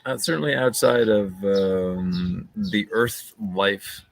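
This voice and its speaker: A man co-hosting a casual live-stream podcast, chatty and quick to laugh. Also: fairly low pitch, vocal fry, no echo. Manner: animated, laughs often, chatty asides. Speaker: podcast co-host.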